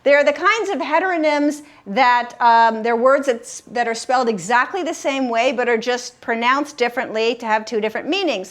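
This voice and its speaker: A woman leading a group word game class, upbeat and encouraging, slowing down to stress syllables. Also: a little high, fairly bright tone. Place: room with a live group.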